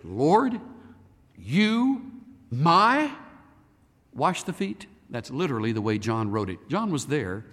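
Animated male preacher in an echoey hall. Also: medium pitch. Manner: animated, rhetorical questions to the congregation. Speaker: pastor. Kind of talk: sermon. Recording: reverberant hall.

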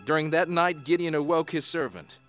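A man narrating a Bible story for a children's cartoon in a steady storytelling way. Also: a little high, a little fast, soft background music. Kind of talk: scripted narration.

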